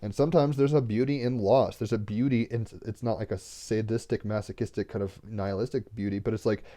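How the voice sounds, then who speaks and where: A young man with a low, mellow voice talks on a home livestream about cards and the cosmos. He rambles earnestly, full of "like" and "right?", his voice sometimes catching as he gets teary. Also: steady tone, a little fast. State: tearful, getting emotional. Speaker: tarot card reader. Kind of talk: casual spiritual livestream talk.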